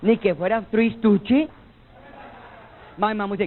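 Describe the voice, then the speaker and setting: A man's voice: high voice, unhurried. A male stand-up comedian with a Mexican-American accent, mixing English and Spanish and acting out family voices in a comedy set. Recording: tinny, phone-like VHS broadcast audio.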